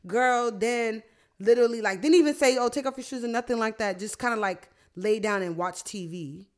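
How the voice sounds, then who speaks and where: Profane, animated young woman telling stories. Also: fairly high pitch, brisk. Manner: animated storytelling, profane, acts out quotes. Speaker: podcast host. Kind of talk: casual chat.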